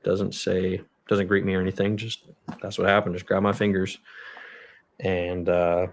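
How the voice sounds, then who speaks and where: A young man telling a story as a podcast guest, blunt and full of swearing, in a halting way. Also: low voice, flat delivery, gravelly, a little hiss or hum. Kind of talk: storytelling in a conversational interview. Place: podcast studio.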